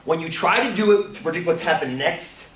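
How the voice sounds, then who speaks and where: Lively high-voiced man lecturing a class. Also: a little fast. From Delaware. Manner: animated storytelling, acts out voices, laughs often. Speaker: statistics teacher. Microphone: far room mic. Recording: echoey room from far off.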